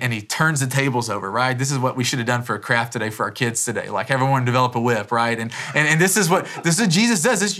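A pastor in his thirties with a bright, forceful, mid-range voice preaches a sermon in church. He keeps it conversational and casual, often restarting phrases and dropping "man" in as an aside.

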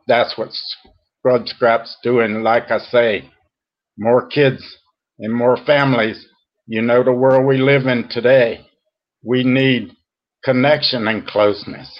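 Slow, earnest middle-aged man. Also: medium pitch, steady tone, highs cut off. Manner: earnest, emotional, halting. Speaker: podcast guest. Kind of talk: heartfelt interview talk.

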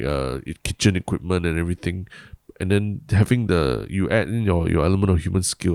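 A Singaporean man with a very low, gravelly voice talks loosely on a podcast, circling his point through fillers and restarts. The sound is close and dry, with no room around it. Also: darkish tone, dry recording. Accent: Singaporean English. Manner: rambling, hesitant, many restarts and fillers. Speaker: podcast co-host. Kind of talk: casual chat.

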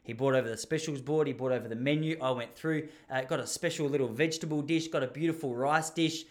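A man's voice: mid-range voice, fast. Chatty Australian man telling a story. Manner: chatty, rambling, with restarts and mimicked voices. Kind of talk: casual monologue.

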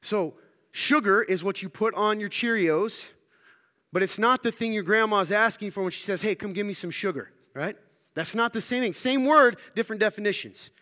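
Man, sermon, playful, quizzing the crowd, bright, long hall reverb. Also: high-pitched. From American South. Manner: playful, jokey, quizzing the audience. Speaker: speaker addressing a congregation. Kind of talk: interactive sermon talk.

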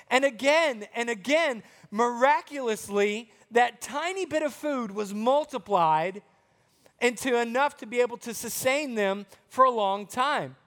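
A man's voice: very high-pitched, fairly bright tone. A man teaching a Bible story to children, chatty and playful, talking to the kids directly.

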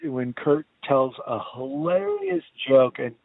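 A laid-back man chatting casually and egging on his co-host. His voice sits at an ordinary middle pitch. It sounds thin and phone-like, as if on a poor line. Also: wildly swooping pitch, takes it slowly, vocal fry, no echo. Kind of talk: casual chat.

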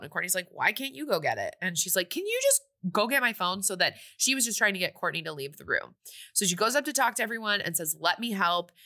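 A woman co-hosting a podcast, casually recapping a movie plot in a chatty, animated way with quoted asides. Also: fairly low pitch. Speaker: podcast co-host.

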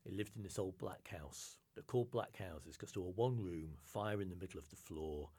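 A male storyteller telling a folk tale in a measured, dramatic way, often dropping to a hushed whisper. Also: deep voice, slightly rough. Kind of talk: live storytelling performance.

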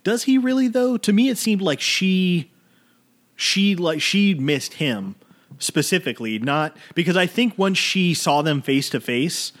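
A man's voice: high voice, animated, unhurried, fairly bright tone. A man co-hosting a film podcast in a casual, joking chat, rambling with lots of fillers and restarts. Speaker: podcast co-host.

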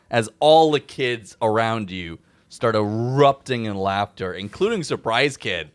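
A young man narrating as game master, animated and laughing often. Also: medium pitch, measured pace, dry recording, clean studio sound.

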